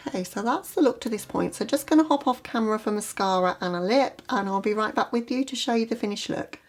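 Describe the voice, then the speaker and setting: A woman vlogger talking through a makeup look step by step in a relaxed, chatty way. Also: mid-range voice, quick pace. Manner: chatty, relaxed, explains as she works. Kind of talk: makeup tutorial narration.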